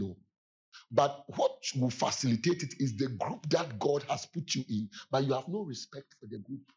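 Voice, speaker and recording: A man with a husky, rough-edged voice preaches in a story-telling sermon, swinging between low, quiet asides and sudden loud shouts and laughs. The sound is dull and lo-fi, like an older recording.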